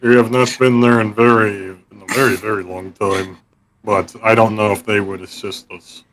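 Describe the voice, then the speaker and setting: A man's voice: fairly low pitch, flat delivery, normal speed, poor audio. A man playing in a tabletop game, joking casually with the group. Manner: joking, bursts into shouts. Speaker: player.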